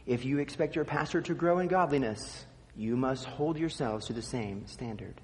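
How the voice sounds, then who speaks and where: A man's voice: medium pitch, moderate pace, darkish tone, long reverb tail. A man preaching a sermon, teaching with emphatic repetition and dry asides. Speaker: pastor.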